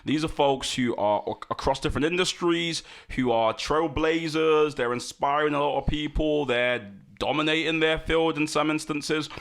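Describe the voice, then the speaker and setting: A man hosting a podcast in casual chat, lively and talkative, jumping between loud excitement and quiet asides. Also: a little high, normal speed, hardly any pauses. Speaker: podcast host.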